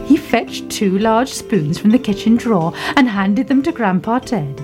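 A woman's voice: a little high, expressive, unhurried. A woman reading a children's storybook aloud, playfully voicing the animal characters. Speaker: storybook narrator. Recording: music bed under the reading.

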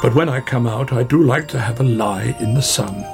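A talkative river otter, voiced by a male storyteller, chatting and fretting in a mid-pitched, gravelly voice. He sounds neighbourly and a little anxious. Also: moderate pace, soft background music, close to an everyday voice. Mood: worried.

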